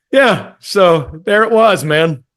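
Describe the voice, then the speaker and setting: A man's voice: medium pitch, a bit bright. A man from Texas co-hosting a podcast, telling a profane, rambling story with stammering restarts. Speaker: podcast co-host. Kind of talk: casual storytelling chat.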